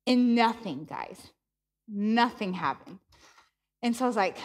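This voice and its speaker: A woman's voice: a little high, expressive, normal speed, long reverb tail. A woman preaching a sermon, telling a personal story with laughter and acted-out dialogue. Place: church.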